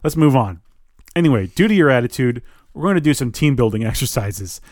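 A man's voice: mid-range voice, lively intonation, brisk, darkish tone, dry recording, close to an everyday voice. Give me a stern, formal young corporate man, read by a man in a dry, close voice. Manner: stiff, formal corporate phrasing.

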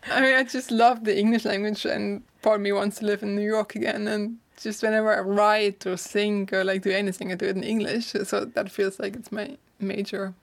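Chatty German woman with a creaky voice. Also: mid-range voice, flat delivery, fairly quick, few pauses. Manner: chatty, laughs often, many "like" fillers. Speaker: guest, author and course teacher. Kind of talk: casual interview talk.

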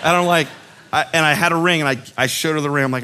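Bright, high-voiced male pastor preaching. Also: fast talker, a little hiss or hum. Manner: conversational, storytelling with acted-out quotes; earnest, emphatic. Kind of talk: sermon.

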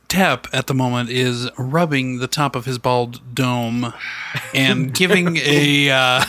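A man's voice: mid-range voice, bright, forceful tone, a little hiss or hum. A man co-hosting a casual podcast chat, joking, punning and laughing often.

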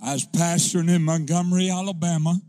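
A pastor telling a folksy, humorous testimony that rises into fervent preaching. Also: male voice, fairly high pitch, fairly even intonation, fast, dark tone, faint music behind. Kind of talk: storytelling sermon.

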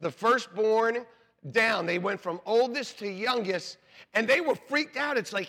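A man's voice: high-pitched, unhurried. A man preaching a sermon as pastor, telling stories with acted-out voices and jokes for the congregation. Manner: animated storytelling, acts out voices, jokes with congregation. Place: church sanctuary.

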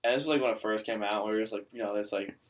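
A man's voice: lowish voice, steady tone, rapid-fire, recorded from a distance. A young man in casual podcast chat, telling a rambling story full of filler words.

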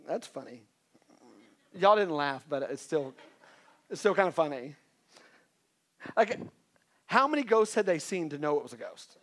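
A man preaching a sermon in a conversational way, with joking asides and swings from quiet to loud. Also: sits high, lively intonation, moderate pace. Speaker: pastor.

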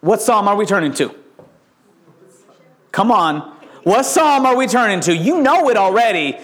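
A man's voice: high voice, very animated, moderate pace, fairly bright tone. A man preaching a sermon with playful jokes and frequent stammered restarts, a father of young kids. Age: adult with young children. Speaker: pastor.

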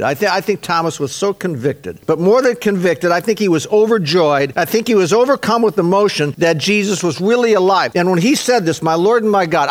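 A man preaching a sermon as pastor, stressing phrases slowly and acting out quoted speech. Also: fairly high pitch.

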